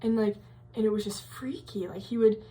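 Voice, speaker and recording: A young woman at college tells a creepy tale in a loose, rambling way, filling gaps with fillers and restarting her sentences. Her voice sits at an ordinary middle pitch. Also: normal speed, mellow. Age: young adult. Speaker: college vlogger. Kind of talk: casual storytelling.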